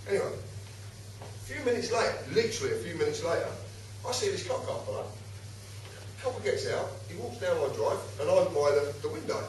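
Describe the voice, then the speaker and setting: A man's voice: on the high side, very animated, quick pace, pauses often. A man telling a casual anecdote to an audience, swearing freely and acting out the other voices. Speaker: storyteller. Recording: echoey room, distant from the mic, faint noise.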